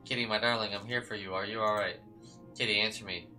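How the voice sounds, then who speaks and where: A man's voice: lowish voice, fairly even intonation, fast talker, sharp tone, soft background music. A man voicing a troubled young girl, reading her lines in an earnest, pleading way.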